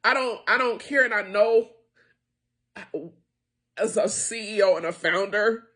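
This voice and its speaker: A mid-range, slightly bright female voice moves at a measured pace. The speaker, a middle-aged small business founder and owner, is addressing her viewers in an emotional, impassioned appeal while frustrated and near tears.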